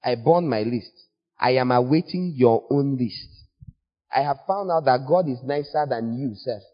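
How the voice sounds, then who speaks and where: A man preaching a sermon in a playful, teasing way, with sudden jumps in pitch. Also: normal speed. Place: church. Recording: long church reverb, dull lo-fi sound.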